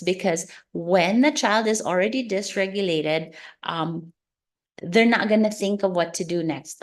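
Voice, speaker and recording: A woman educator giving an online talk about children's emotions, lively, acting out children's and parents' lines. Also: fairly low pitch. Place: online meeting room. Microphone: video call.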